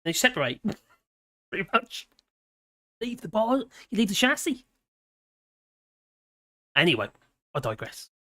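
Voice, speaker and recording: A British host in their fifties chats casually on a live stream, reading out notes, rambling off on tangents and laughing along the way. The mid-range voice is sing-song and sharp-toned, unhurried and full of pauses, captured in a dry recording.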